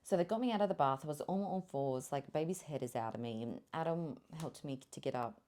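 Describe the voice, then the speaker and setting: A young woman with a low voice tells her birth story as a podcast guest. She is candid and animated, swears freely and laughs often. She drops to a hush when she quotes her own thoughts. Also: a little fast.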